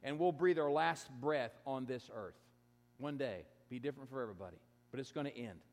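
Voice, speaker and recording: A man preaching a sermon in a conversational way, often restarting words and dropping his voice low to make a point. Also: a little fast, in a large hall. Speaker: pastor.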